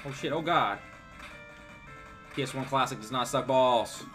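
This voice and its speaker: A game streamer chats casually on his live stream, rambling and swearing in a laid-back way as game music plays behind him. His medium-pitched voice is a bit bright and keeps a measured pace.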